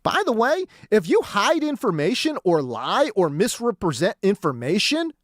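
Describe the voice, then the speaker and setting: Exasperated sports radio host ranting. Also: male voice, sits high, huge pitch swings, normal speed, no echo, studio quality. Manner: heated, exasperated, emphatic repetition. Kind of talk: sports talk radio rant.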